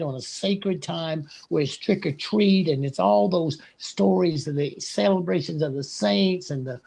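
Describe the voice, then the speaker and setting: A man giving a slow, earnest and blunt spiritual talk. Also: on the high side, gravelly, slightly rough. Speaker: guest speaker.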